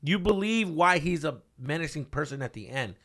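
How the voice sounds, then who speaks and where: A man co-hosting a comedy podcast, talking in a casual, profane, animated way with mock voices. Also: on the high side, normal speed. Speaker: podcast co-host.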